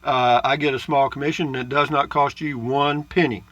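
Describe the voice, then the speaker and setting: A man reads viewer comments in his travel trailer, talking briskly with a medium pitch, fairly even intonation and a bit of brightness. The audio has no echo and the highs are cut off. As an RV vlogger, he rambles folksily, with plenty of uh's and asides.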